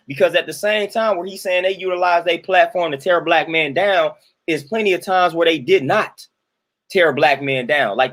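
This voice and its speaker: A man, commenting in a casual monologue and preaching his point through repetition. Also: on the high side.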